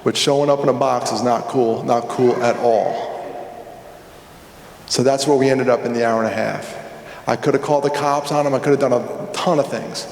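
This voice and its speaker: A middle-aged man giving a keynote talk at a conference, telling a story with lively energy and acting out both sides of phone calls. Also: medium pitch, moderate pace, vocal fry, slight background noise. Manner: animated, acts out phone dialogues. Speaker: conference speaker. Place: large hall. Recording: echoey hall with long reverb.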